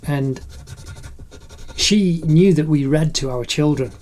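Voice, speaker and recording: A man's voice: a little high, slow, darkish tone. A middle-aged man narrating a drawing tutorial in a chatty, encouraging way, like an art teacher.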